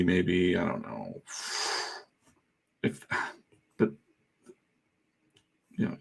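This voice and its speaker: Gravelly low-voiced man chatting casually. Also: fairly bright tone. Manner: rambling, irreverent, swears freely. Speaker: comic artist streaming while inking. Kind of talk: casual livestream chat.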